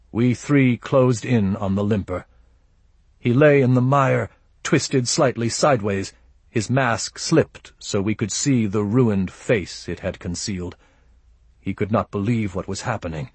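A man reading a first-person audiobook narration in a measured, grim, low-key manner. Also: husky, dry recording.

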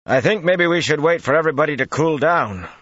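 A man voicing a wary young soldier who calls out loudly and cautiously. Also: a little high, expressive, brisk, slightly rough, dry recording, muffled recording, voice pushed up. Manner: loud, calling out, cautious.

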